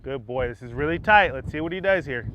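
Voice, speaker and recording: A horse trainer talking calmly as he works a horse through a gate outdoors, praising it often and explaining each step. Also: medium pitch, fairly quick. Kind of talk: hands-on training demonstration. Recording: dull lo-fi audio with faint outdoor noise.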